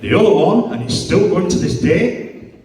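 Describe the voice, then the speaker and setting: Middle-aged Yorkshire stand-up, crude and self-mocking, live club sound from a distance. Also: male voice, high-pitched, very animated, moderate pace, a crowd in the background. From Yorkshire, England. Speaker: stand-up comedian. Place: comedy club stage. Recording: echoey club from far off.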